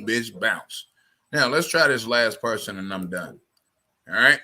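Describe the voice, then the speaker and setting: A man's voice: on the low side, a little slow, sharp tone. A man hosting a call-in live stream, confrontational and profane, often repeating his phrases.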